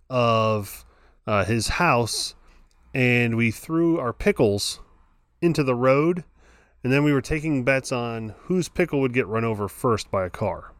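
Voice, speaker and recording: A man co-hosting a podcast tells a story in casual chat and laughs often. His medium-pitched voice is a bit bright and clean, in clean studio sound with no echo.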